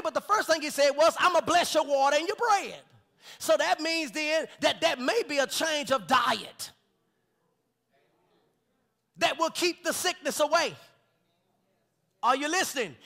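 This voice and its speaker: High, bright-voiced preacher rising to shouts. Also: male voice, vocal fry. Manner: folksy, joking asides with laughter. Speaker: pastor. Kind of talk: sermon. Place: church sanctuary.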